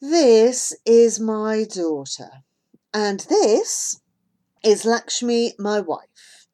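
A woman reading aloud voices an adult male rickshaw driver with a gentle, sing-song manner. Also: sits high, very animated, very slow, exaggerated voice. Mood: friendly.

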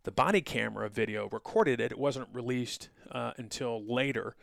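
A man's voice: medium pitch, normal speed, creaky, fairly bright tone, no room sound, studio quality. A middle-aged man hosting a solo podcast, talking in an indignant, sarcastic, lecturing way with frequent fillers. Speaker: podcast host.

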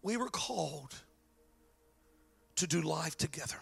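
Man, pastor preaching, high voice, gravelly and husky, faint music behind. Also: animated, a little slow. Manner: preaching with shouted, sing-song emphasis. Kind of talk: sermon.

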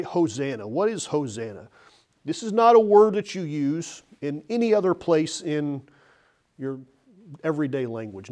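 A man's voice: medium pitch, mellow. Earnest male preacher delivering a sermon. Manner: earnest, rises to urgent emphasis, occasional throat clearing.

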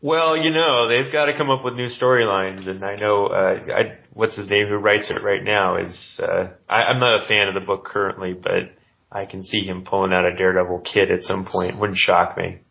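A man co-hosting a podcast, chatting casually about comics in a rambling, halting way with many restarts. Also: low voice, flat delivery, gravelly, highs cut off. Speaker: podcast co-host. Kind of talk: casual chat.

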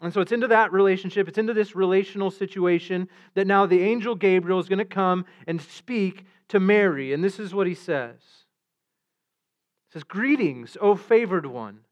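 Earnest pastor preaching, lo-fi sound. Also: male voice, high voice, fairly even intonation, brisk. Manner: earnest, repeats words when restarting. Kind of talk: sermon. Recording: dull lo-fi sound.

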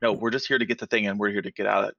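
A man's voice: lowish voice, level tone, very fast, creaky, pushed and bright, dry recording, dull audio, pitched below the performer's own voice. A man voicing his character, a nervous male intruder who repeats himself in a hurry. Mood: panicky. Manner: anxious, repetitive.

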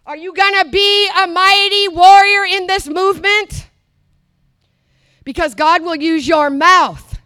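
Older female preacher from the US, high bright voice, fervent sermon delivery with hushed asides. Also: moderate pace. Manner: fervent, swings from loud declarations to low murmured asides.

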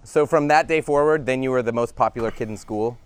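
A man's voice: medium pitch, quick pace, clean tone. A man co-hosting a podcast in casual chat, teasing the others playfully. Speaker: podcast co-host.

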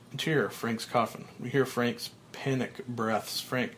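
A podcaster reading a screenplay's stage directions aloud in a slow, flat manner. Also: male voice, medium pitch, slight background noise.

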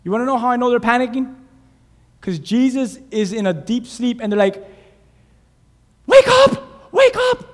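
High-voiced pastor preaching in a hall. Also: male voice, a little fast. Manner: animated preaching, quizzes the congregation. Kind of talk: sermon. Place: church sanctuary. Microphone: clip-on lapel mic. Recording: reverberant church hall.

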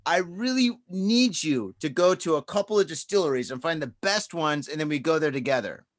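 A high-pitched, lively man co-hosts a casual podcast, cracking profane jokes and riffing loudly on his co-host's stories. His voice jumps all over, playful and animated. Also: fairly quick. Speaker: podcast co-host. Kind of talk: casual chat. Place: Japan.

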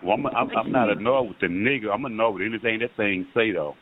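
A man's voice: on the low side, fast, a little hiss or hum. A man in casual group chat, teasing, laughing and repeating himself. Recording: tinny phone-like audio.

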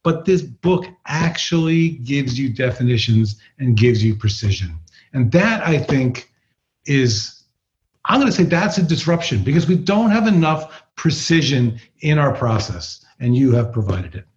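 A man co-hosting a podcast, speaking in a measured, emphatic way. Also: mid-range voice, very animated, muffled recording. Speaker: podcast co-host. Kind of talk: podcast conversation.

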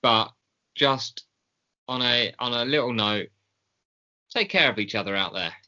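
A man hosts a comedy podcast in loose, rambling casual chat. His voice is bright. The sound is slightly muffled. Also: medium pitch, unhurried. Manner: rambling, with many fillers. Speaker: podcast host. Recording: slightly dull podcast audio.

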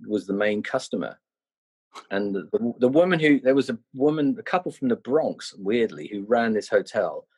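Middle-aged male guest, low, husky, chatty rambling storyteller. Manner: rambling, many restarts and "you know"s. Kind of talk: anecdotal storytelling.

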